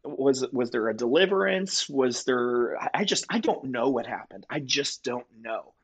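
A man's voice: medium pitch, expressive, moderate pace, slightly rough, poor audio. Earnest man telling a story. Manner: earnest, vivid storytelling with restarts. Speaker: guest telling his testimony. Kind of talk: conversational storytelling.

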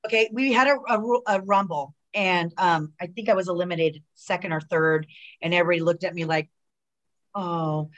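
A middle-aged woman in a relaxed interview, spinning stories with plenty of "like" and "you know". Her voice sits a little low, and she jumps into quoted dialogue with real animation. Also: a little fast, lo-fi sound. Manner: animated storyteller who acts out quoted dialogue, many fillers and restarts. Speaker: guest, retired pro wrestler. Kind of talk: casual interview chat.

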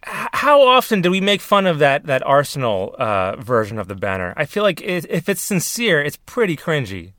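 A man's voice: a little high, huge pitch swings, normal speed, hardly any pauses, fairly bright tone, no echo, clean studio sound. A man hosting a casual podcast chat, hesitant, with stammering restarts. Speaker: podcast host.

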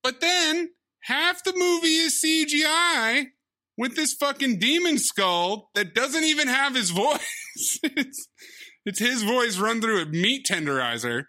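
A man with a high, very bright voice, co-hosting a podcast. His pitch swings widely as he jokes his way through a casual movie review. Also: slow pace. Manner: animated, joking, self-deprecating. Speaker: podcast co-host.

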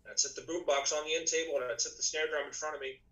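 A man, a podcast guest and musician, telling his story in casual chat, rambling with many restarts, his voice slightly rough tonight. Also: on the high side, fairly even intonation, racing, fairly bright tone, low-quality recording. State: slightly rough voice, clearing throat.

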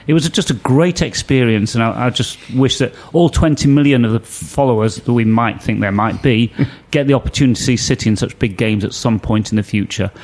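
A man's voice: mid-range voice, fairly quick, few pauses, darkish tone. A tired middle-aged man on a football panel, telling his trip story with enthusiasm. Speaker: podcast panelist. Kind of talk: casual football chat.

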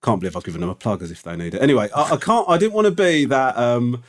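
A man's voice: mid-range voice, expressive, fast talker. A man co-hosting a podcast, telling a rambling, self-deprecating story in casual chat. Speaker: podcast co-host.

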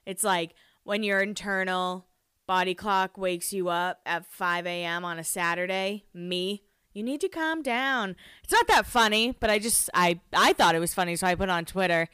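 This podcast host is a woman breaking down a reality show in a relaxed, chatty way, often self-deprecating and leaning heavily on "like." Her voice is medium-pitched, clear, and resonant, with a sharp tone and a moderate pace. The recording is dry.

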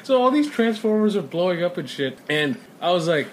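A young man co-hosting a podcast, chatting casually and telling stories in an animated way, swearing often and laughing a lot. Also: sits high, a little fast, slight background noise. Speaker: podcast co-host. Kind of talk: casual chat.

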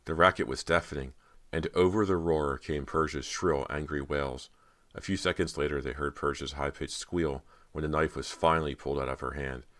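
A man narrating an audiobook in a steady storytelling manner. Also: rumbling low, dry recording.

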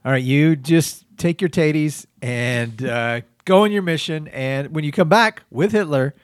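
A man's voice: on the high side, measured pace, dry recording. Man, comedy podcast host, wry straight man, laughs a lot, dry sound.

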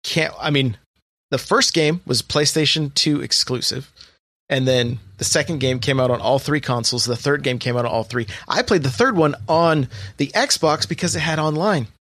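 The voice is a man's, on the high side and fairly bright, moving at a moderate pace with no room sound. As host of a casual podcast, he chats his way through sale prices, leaning heavily on fillers.

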